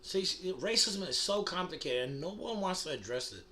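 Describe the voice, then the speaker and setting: A man's voice: sits high, very animated, fairly quick, pushed and bright, slight background noise. A young man from the United States delivering a rambling, crude comedic monologue, full of fillers and restarts. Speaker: comedy vlogger.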